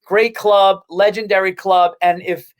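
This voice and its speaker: Brief: high-pitched male comic guest, animated rapid storyteller, swears freely. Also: poor audio. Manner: animated, quick and profane, lots of restarts. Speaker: comedian guest. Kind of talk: casual comedic storytelling.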